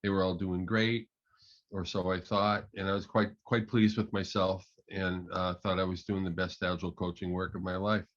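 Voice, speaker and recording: A man with a fairly low voice gives an online talk and tells a story in a loose, halting way. His audio sounds muffled and lo-fi, like an online call. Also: little pitch movement. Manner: conversational, halting, many fillers. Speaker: management consultant and keynote speaker.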